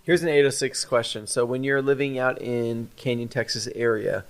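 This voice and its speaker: A man's voice: mid-range voice, steady tone, normal speed. A man hosting a church podcast, chatting casually and telling stories with rambling asides. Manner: rambling, laughs at own stories. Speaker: podcast host. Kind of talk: casual chat.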